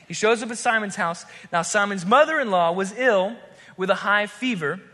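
A man preaching a sermon, telling the story with animated energy and acting out the voices of the people in it. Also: high voice, moderate pace. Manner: animated storytelling, acts out crowd and demon voices. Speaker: pastor. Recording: hall reverb.

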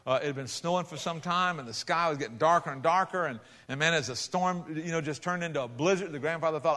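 Preacher in a reverberant hall. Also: male voice, on the high side, fast, hardly any pauses. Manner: conversational, many restarts, rising to loud emphatic passages. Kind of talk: sermon storytelling. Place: large hall with a congregation.

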